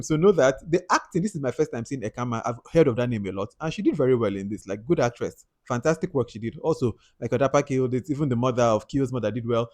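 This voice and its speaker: A man with a Nigerian accent giving a casual, chatty film review, animated and laughing often. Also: medium pitch, fast, few pauses.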